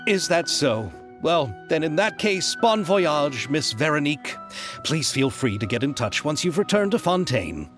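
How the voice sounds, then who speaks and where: Courteous film director, bit high, lively pitch, music under it. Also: male voice, measured pace. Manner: polite and eager. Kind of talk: video game voice acting.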